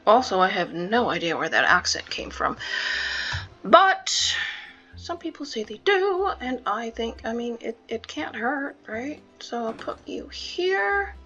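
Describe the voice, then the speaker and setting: A woman talks slowly through her zoo-building game in a lively, slightly high voice. She is wry and self-mocking, and she talks to the animals as she builds. The recording is dull and lo-fi, with faint music underneath. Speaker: gameplay video host. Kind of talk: casual commentary while playing a zoo game.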